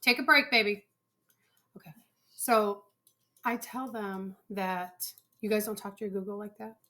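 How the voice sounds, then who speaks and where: A chatty woman hosts a casual home cooking video and talks like the schoolteacher she is. Her voice is bright and ringing, and she keeps up a playful, teasing banter with the family while she tastes the food. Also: medium pitch, unhurried. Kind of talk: casual chat. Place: home kitchen.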